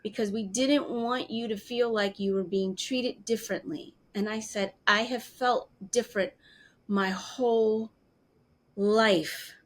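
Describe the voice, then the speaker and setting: A woman's voice: medium pitch, unhurried. Woman in her fifties telling her story. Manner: animated, acts out quoted voices. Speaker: interview guest. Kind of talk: personal storytelling.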